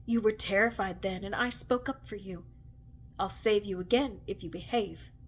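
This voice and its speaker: A woman reading a novel aloud, voicing a stern, sharp-tongued witch in a curt, sardonic manner. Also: mid-range voice, moderate pace, slight background noise, close to an everyday voice.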